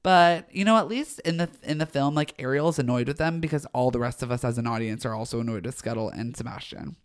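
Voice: mid-range voice, fast talker, clear, resonant tone. Gushing, slangy podcast host. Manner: gushing, slangy and excitable, often addressing listeners as "you guys"; frequent fillers and trailing restarts. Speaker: podcast host reviewing a film. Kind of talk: casual solo podcast chat.

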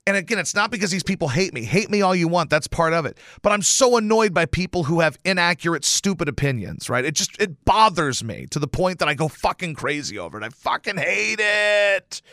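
A man hosting a podcast, delivering a casual, profane, animated rant on his own. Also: high voice, fairly quick, few pauses, dry recording, clean studio sound. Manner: animated and profane, swears often. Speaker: podcast host. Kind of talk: casual ranting monologue.

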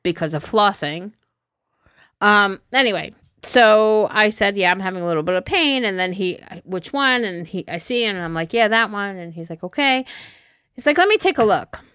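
A woman's voice: medium pitch, normal speed, fairly bright tone, clean tone, dry recording, studio quality. A middle-aged woman co-hosting a podcast, telling a story in casual chat and laughing through it. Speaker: podcast co-host.

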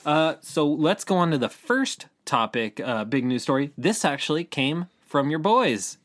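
A man's voice: a little high, expressive, measured pace, fairly bright tone. A man co-hosting a news podcast in casual chat, rambling with lots of fillers and restarts. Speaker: podcast co-host.

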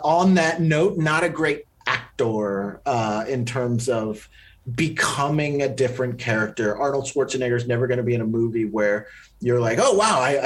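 A man co-hosting a casual film review chat, giving blunt, critical opinions in quick bursts. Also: mid-range voice. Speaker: podcast co-host.

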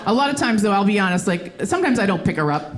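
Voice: medium pitch, animated, fast, some chatter behind. A stand-up comedian from Boston tells chatty stories about family and often laughs mid-line. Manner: chatty storytelling, laughing through lines. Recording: noisy clip with ambience.

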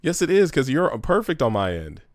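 A man co-hosting a casual podcast over a video call, animated and joking, laughing often and using slang. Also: on the high side, brisk, no room sound, clean studio sound. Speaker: podcast co-host.

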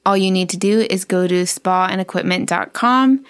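A young woman co-hosts a casual podcast at a middle pitch. Her manner is playful and teasing. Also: moderate pace, smooth, no echo. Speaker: podcast co-host.

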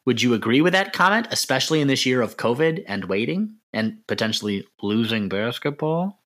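A man co-hosts a casual sports podcast, joking around and getting worked up into animated rants while answering listener questions. His mid-range voice moves a little fast.

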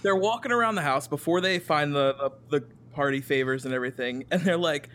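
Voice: mid-range voice, fairly quick, few pauses, a bit bright. A podcast co-host in a casual movie review chat, wry and understated.

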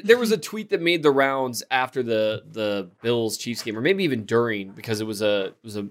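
A man talking on a casual sports podcast in a quick, rambling way, full of "like" and "you know". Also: mid-range voice, expressive. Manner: quick, rambling talk with fillers. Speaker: podcast co-host.

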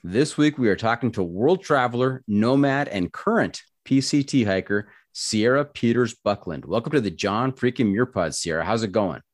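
A man's voice: mid-range voice, expressive, normal speed, few pauses, no echo, studio quality. A man hosting a podcast interview, chatty and joking, often stumbling over his words. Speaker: podcast host. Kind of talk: casual interview.

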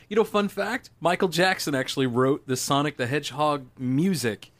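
A man's voice: on the high side, moderate pace, a bit bright. A man co-hosting a podcast in casual chat, joking around and dropping fun facts. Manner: chatty, jokey, drops fun facts. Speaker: podcast co-host.

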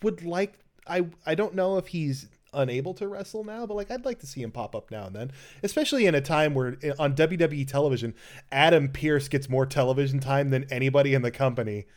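A man's voice: on the high side, fast. A man co-hosting a casual podcast, reading out listener questions in a rambling, enthusiastic way. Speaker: podcast co-host. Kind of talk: casual chat.

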